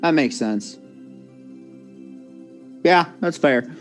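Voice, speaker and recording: A man running a tabletop game as dungeon master, casual and full of fillers, quick to laugh. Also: a little high, animated, soft background music.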